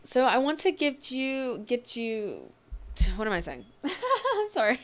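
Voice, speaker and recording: A woman giving an emotional, reassuring tarot reading, speaking gently and getting choked up at times. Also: sits high, huge pitch swings, slow. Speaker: tarot reader.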